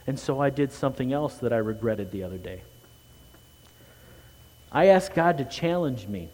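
Earnest male pastor in a reverberant sanctuary. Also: animated. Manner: earnest, swells loud and quick for emphasis then drops low and quiet. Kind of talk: sermon. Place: church sanctuary. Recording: long hall reverb.

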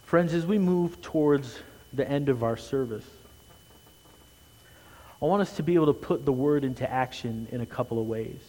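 A male pastor delivering a sermon in a mid-pitched voice, earnest and personal. He surges loud and fast on his big points, then falls to a soft, low hush. His voice rings with the long reverb of a large church hall. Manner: earnest, swells loud and quick for emphasis then drops low and quiet. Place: church sanctuary.

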